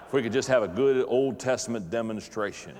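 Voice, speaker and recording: A middle-aged man, a pastor giving a humorous live talk to an audience, telling stories in an animated, self-mocking way and often repeating words. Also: mid-range voice, fairly quick, in a large hall, slight background noise. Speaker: pastor and leadership speaker. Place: large hall with an audience.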